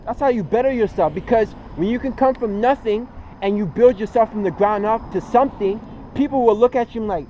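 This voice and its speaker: High-voiced young man rambling earnestly. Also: fairly quick, mellow, lo-fi sound, a little hiss or hum. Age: 20s. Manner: earnest, repetitive, rambling with many fillers. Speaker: vlogger. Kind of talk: casual motivational monologue.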